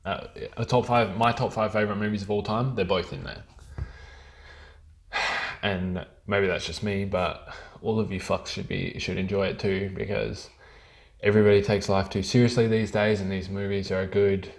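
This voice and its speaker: A man's voice: fairly low pitch, fairly even intonation, normal speed. A man vlogging in rambling, profane casual chat, with many filler words.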